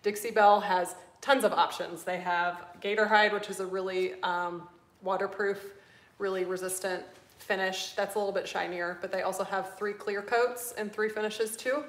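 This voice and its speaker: A middle-aged woman hosts a live stream from a room with a noticeable echo. She talks fast and bubbly, packing in as much as she can. Her breath runs short as she goes. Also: mid-range voice, fairly even intonation. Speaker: host. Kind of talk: live stream chat with viewers. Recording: echoey room.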